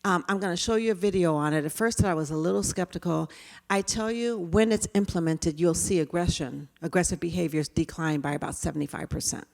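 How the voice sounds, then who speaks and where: A woman's voice: lowish voice, fairly quick, vocal fry, a little mellow, big-room sound. A woman giving a conference talk to teachers at an education event, with frequent "um" fillers and acted-out teacher and child dialogue. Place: lecture venue.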